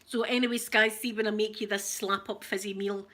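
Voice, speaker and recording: A woman's voice: medium pitch, flat delivery, fairly quick, fairly bright tone. A woman with a Scottish accent hosting a casual live chat with viewers, telling stories and laughing often. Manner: chatty storyteller who laughs often. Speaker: livestream host.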